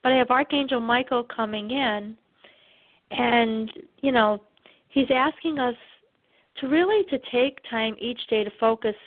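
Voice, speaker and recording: A woman's voice: fairly high pitch, unhurried, narrow, tinny audio. A woman co-hosting a spiritual talk show, enthusiastic and full of fillers like "you know.". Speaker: co-host and channeler.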